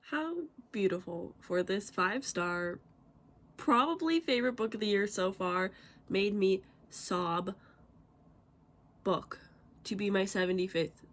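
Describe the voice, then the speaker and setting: A young woman in her twenties chatting casually in a reading vlog, excitable and gushing, laughing often and tearful from crying. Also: medium pitch, measured pace, long pauses. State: tearful, having just cried. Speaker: book vlogger.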